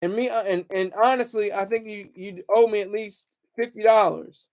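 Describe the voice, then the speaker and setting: A young man ranting casually to his viewers, taunting critics in a loud, rambling way. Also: high voice, fairly even intonation, moderate pace. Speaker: streamer talking to viewers. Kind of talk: casual livestream rant.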